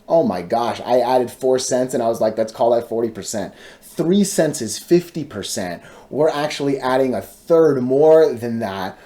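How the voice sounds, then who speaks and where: A man riffs through stock charts in a loose, excitable way, chanting words over and over and constantly checking in with viewers. His voice is mellow and dark, sitting at a middle pitch. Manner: talks to viewers directly, frequent "right?" and "all right?". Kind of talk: casual stock chart commentary.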